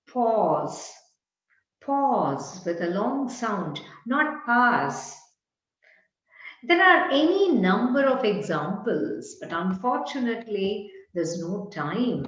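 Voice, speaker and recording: Lady teaching pronunciation on a video call, slow and sing-songy, really echoey dull sound. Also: on the high side, big pitch swings. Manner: explanatory, repeats example phrases aloud. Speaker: workshop trainer. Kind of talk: online workshop lecture.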